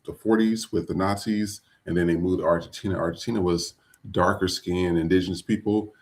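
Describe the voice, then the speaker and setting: A man with a low, deep voice hosts a live podcast. He talks loosely and casually, with lots of fillers as he welcomes guests. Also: steady tone, brisk, a little mellow. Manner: loose, filler-heavy, chatty. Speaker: podcast host. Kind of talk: casual live-stream hosting.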